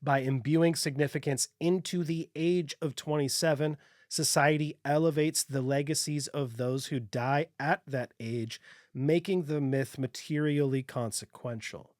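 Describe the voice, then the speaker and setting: A man's voice: fairly high pitch, a little slow, a little mellow, no echo, studio quality. A man hosting a casual podcast, reading his research notes aloud and joking between points.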